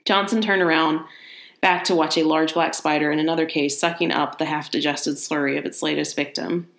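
A woman with a low voice reads a horror tale aloud, steady and unhurried. Now and then she breaks off for a brief casual aside. The room is echoey, so her voice carries a clear reverb. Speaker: storyteller. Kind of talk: horror story reading.

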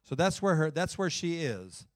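A male pastor giving a lively sermon, talking straight to the congregation, with jokes and sudden loud, fiery stretches. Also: fairly high pitch, normal speed, dry recording, clean studio sound. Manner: folksy, talks to the congregation directly.

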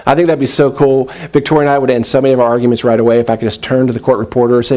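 A middle-aged man preaching a sermon in an animated way, with joking asides and quoted voices. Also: medium pitch, racing. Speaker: pastor.

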